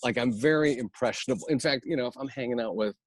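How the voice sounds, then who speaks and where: A man's voice: medium pitch, fast, dry recording. A middle-aged man, an improv teacher, talking animatedly as a podcast guest, laughing often and slipping into voices. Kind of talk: casual podcast interview.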